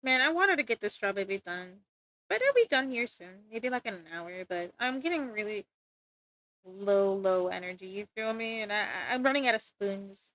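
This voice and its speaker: A woman's voice: medium pitch, lively intonation, moderate pace, fairly bright tone, no room sound. A young woman streaming live while drawing, chatting playfully with viewers and giggling often. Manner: giggly, playful, rambling, talks to chat.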